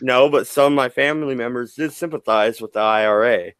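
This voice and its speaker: A man's voice: mid-range voice, fairly quick, clear, resonant tone, no room sound, clean studio sound. Laughing, defensive man hosting a stream. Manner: laughing, defensive, animated arguing. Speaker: live stream host. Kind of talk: casual livestream banter.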